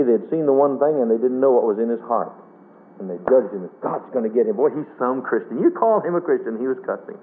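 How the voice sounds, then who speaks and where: A male preacher delivering a sermon in an emphatic storytelling way, asking the congregation questions. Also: lowish voice. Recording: tinny radio broadcast.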